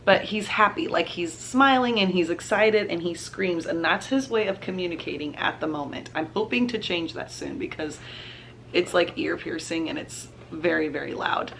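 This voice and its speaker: Young woman, casual vlogger, lowish voice, light hiss behind. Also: moderate pace, gravelly, a bit bright. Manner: chatty, says "y'all", laughs often. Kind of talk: casual chat to camera.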